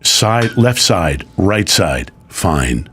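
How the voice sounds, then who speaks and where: A middle-aged man, a guest, telling a personal story in casual chat, emotional and animated. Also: deep voice, drawn-out words, husky.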